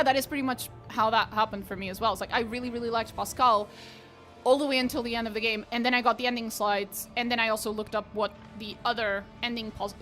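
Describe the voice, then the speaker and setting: A woman's voice: on the high side, a bit bright. Swearing, exasperated young woman streamer. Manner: frustrated, swears freely, chats with viewers. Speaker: game streamer. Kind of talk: casual live-stream chat while playing.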